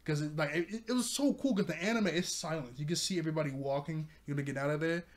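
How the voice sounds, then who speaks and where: A man's voice: on the high side, fast talker. Rambling, laughing man recapping an anime. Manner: rambling, laughs often, self-corrects. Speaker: anime reviewer. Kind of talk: casual recap. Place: room with a TV.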